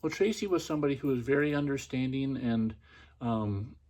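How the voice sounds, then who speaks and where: A man's voice: medium pitch, fairly quick, darkish tone. A middle-aged man hosting a podcast, telling a personal story in a casual, chatty way with many fillers and restarts. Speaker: podcast host.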